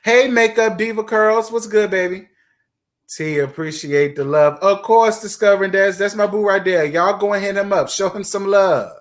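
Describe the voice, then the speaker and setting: Man around forty, raised pitch, chatty livestream host, emphatic repetition. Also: moderate pace. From Virginia, USA. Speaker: host of a live chat stream. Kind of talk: casual livestream chat, reading viewer comments.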